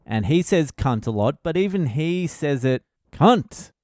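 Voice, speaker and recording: Swearing Australian man, smooth voice. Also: a little high, expressive, moderate pace, warm tone, no echo, clean studio sound. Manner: crude, profane, swears constantly; laughs at his own jokes. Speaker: podcast host, comedian. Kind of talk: casual comedic monologue.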